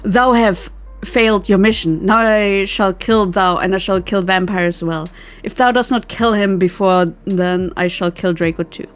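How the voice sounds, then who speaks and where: A woman voicing a menacing male dark lord from a fanfic, reading his lines in a stiff, mock-archaic way over faint music. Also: medium pitch, normal speed, pitched below the performer's own voice, natural voice.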